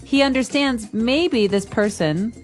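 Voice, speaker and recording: A woman co-hosting an English lesson podcast, explaining phrases clearly with example sentences. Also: on the high side, measured pace, darkish tone, soft background music. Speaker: English teacher and podcast co-host.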